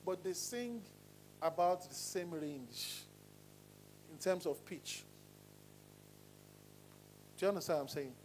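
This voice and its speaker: A man teaching a singing class, animated and demonstrative, often asking if he's understood. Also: slow pace, pauses often, slight background noise, low-quality recording. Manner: animated, demonstrating voices with sudden pitch swings. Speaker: singing coach. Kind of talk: voice lesson to a class.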